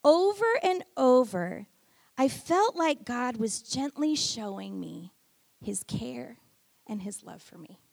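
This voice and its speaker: A middle-aged woman with a high voice preaches in a storytelling way, dropping to near-whispers and then rising to emphatic peaks. The sound is close and dry, with no room echo. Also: big pitch swings, slow pace, vocal fry. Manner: warm storytelling, swings from hushed to emphatic. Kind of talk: sermon.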